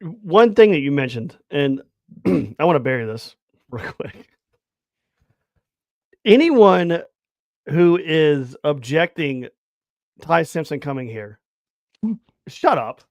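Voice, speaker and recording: A man's voice: a little high, expressive, takes it slowly, long pauses, a little mellow, no echo. A man co-hosting a casual sports podcast, blunt and emphatic when he rants. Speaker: podcast co-host.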